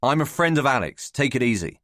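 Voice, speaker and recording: A man's voice: medium pitch, big pitch swings, fairly quick, a bit bright, no room sound, studio quality. Man doing a cool, blunt young Brit. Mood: placating.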